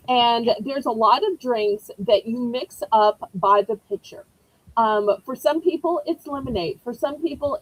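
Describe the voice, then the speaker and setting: A woman's voice: high voice, darkish tone, low-quality recording. A woman with a Southern accent hosting a live-stream auction, chatting in a folksy way and greeting viewers by name.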